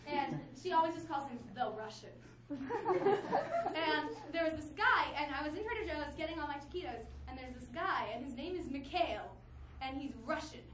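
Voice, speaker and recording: A woman's voice: high voice, distant mic, background noise. A young woman telling a self-deprecating funny story on stage at an improv show, recorded by an amateur camera in the audience. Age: young adult. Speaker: improv performer. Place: stage in a theater. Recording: echoey hall from afar with crowd.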